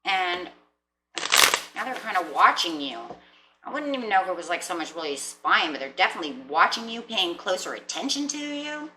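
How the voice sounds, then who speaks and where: A woman giving a casual tarot reading, chatty, often clearing her throat and checking in with "right?" and "you know?". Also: fairly low pitch, big pitch swings, moderate pace, background noise. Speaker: tarot reader. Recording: roomy echo.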